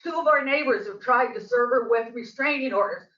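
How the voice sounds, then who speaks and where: An older woman who lives locally speaks at a board meeting's public comment, her voice fairly high, fairly quick and fairly bright. Her storytelling is agitated and emphatic, rising as she wraps up. The recording, made in a district office meeting room, comes across distant, echoey and dull.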